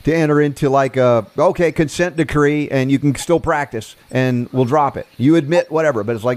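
A man hosting a casual interview, quick and agreeable, talking with many fillers. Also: fairly high pitch, a little mellow. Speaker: podcast host.

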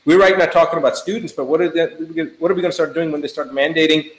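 Middle-aged male doctor guest, emphatic and animated, casual, roomy echo. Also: a little high, fast talker. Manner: animated, emphatic, repeats words in lists. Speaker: physician guest. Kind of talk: casual chat.

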